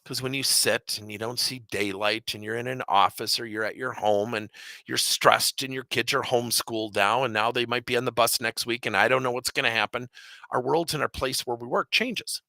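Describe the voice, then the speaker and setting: A middle-aged man from Wisconsin, a business coach telling stories in an energetic keynote, acting out quotes and jumping up in pitch for emphasis. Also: brisk, no echo. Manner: animated, jumps high in pitch for emphasis, acts out quotes.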